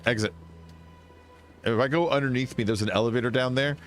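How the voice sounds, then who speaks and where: A gaming streamer casually comments on a video game while he plays, chatty and rambling, with frequent fillers and laughs. His voice is mid-range and a little fast, and soft music plays in the background.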